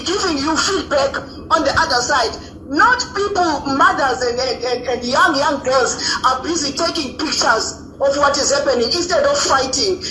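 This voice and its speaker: A woman with a South African accent calling in to a radio show, impassioned and halting with fillers. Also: sits high, bright, forceful tone. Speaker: radio caller. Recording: echoey noisy phone line.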